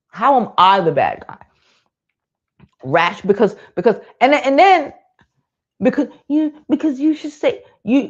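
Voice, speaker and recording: A woman's voice: mid-range voice, a little mellow. A woman in her thirties hosting a live stream, venting bluntly in casual, profane talk. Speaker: livestream host. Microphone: streaming mic. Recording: dull lo-fi stream audio.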